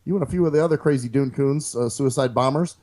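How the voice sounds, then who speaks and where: A man putting on a slow, measured impression of a male president, drawling with many ums and pauses. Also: medium pitch, a little mellow, natural voice. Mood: mock presidential. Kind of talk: comic improvised impression.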